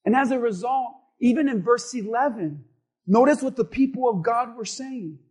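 A man preaching a sermon, impassioned and emphatic, moving between quiet asides and shouted lines and firing rhetorical questions at his congregation. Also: extremely high pitch, moderate pace, husky.

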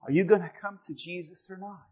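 A man preaching a sermon as pastor, telling stories animatedly and swinging between loud bursts and hushed lines. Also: high-pitched, fairly even intonation, brisk.

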